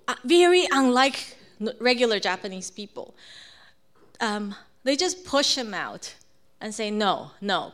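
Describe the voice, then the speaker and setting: Woman telling a lively personal story. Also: medium pitch. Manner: animated storytelling with quoted voices. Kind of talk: personal testimony.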